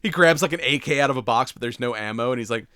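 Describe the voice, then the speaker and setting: A man's voice: medium pitch, fast, sharp tone, smooth, no room sound, clean studio sound. A man co-hosting a podcast, recapping a movie in casual chat, loose and swearing, with lots of fillers. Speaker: podcast co-host.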